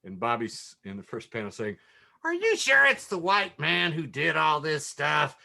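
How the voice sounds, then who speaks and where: A man co-hosting a podcast in a casual chat, animated and laughing often, poking fun at himself. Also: on the high side, normal speed, vocal fry. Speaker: podcast co-host. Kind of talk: casual chat, describing memes.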